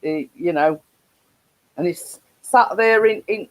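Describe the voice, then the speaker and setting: A woman's voice: medium pitch, slow, rough recording. A woman with a Yorkshire accent hosting a casual live stream, rambling with frequent laughs and restarts.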